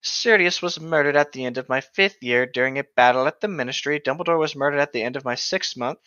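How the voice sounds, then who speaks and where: A man voicing a somber young wizard in a casual read-aloud of fan fiction, reading the lines briskly and flatly. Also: mid-range voice, smooth, no room sound, muffled recording, lightly acted.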